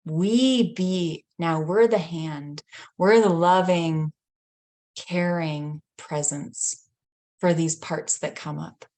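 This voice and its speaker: A woman in her thirties, a healing coach, talking gently and reflectively and sharing a story from her own family life. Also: on the low side, takes it slowly. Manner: gentle, reflective, laughs lightly between thoughts. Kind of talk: casual teaching talk with personal story.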